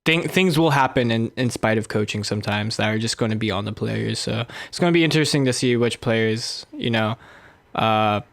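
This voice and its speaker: A young man co-hosting a podcast, talking sports in a measured way with many fillers and hedges. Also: fairly low pitch, vocal fry, fairly bright tone. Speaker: podcast co-host. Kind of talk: casual sports chat.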